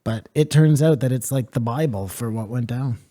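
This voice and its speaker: A man with a mellow, warm voice at an ordinary pitch, talking on a podcast. He argues his case methodically, laying it out point by point. The chat stays casual. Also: moderate pace. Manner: argumentative, lays out reasoning step by step.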